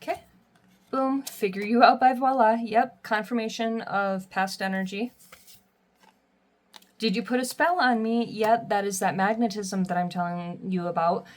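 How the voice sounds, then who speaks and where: A young woman giving a casual tarot reading, chatty and quick to laugh as she reads the card messages aloud. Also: mid-range voice, fairly even intonation. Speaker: tarot reader.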